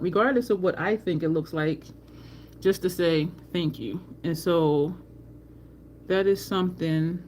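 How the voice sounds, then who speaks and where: A woman's voice: lowish voice, slight background noise. A middle-aged woman from New Jersey with a New Jersey accent, hosting a makeup livestream in a blunt, candid and profane casual chat. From New Jersey, USA. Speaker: makeup channel host.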